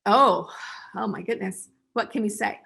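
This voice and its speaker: A woman from the United States as the guest in a casual interview over a video call, talking in an animated way and breaking into little acted-out voices. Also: mid-range voice, unhurried, gravelly, slightly rough.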